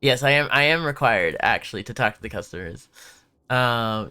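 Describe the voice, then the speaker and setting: A young man in casual live-stream chat, his voice smooth and clear at a middle pitch. He rambles and corrects himself as he tells stories and answers viewers' questions. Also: animated, moderate pace, bright, forceful tone, dry recording.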